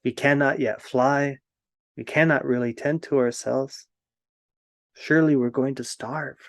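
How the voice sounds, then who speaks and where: A man's voice: mid-range voice, steady tone, a little slow, no room sound, lightly acted. A man voicing helpless fledgling ravens who speak in a sorrowful, worried voice.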